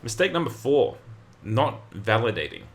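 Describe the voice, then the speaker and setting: A young adult man, giving energetic, emphatic communication advice straight to camera. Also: medium pitch, normal speed, noisy background. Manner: energetic, emphatic, plays out example phrases. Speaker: communication coach. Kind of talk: direct-to-camera advice talk.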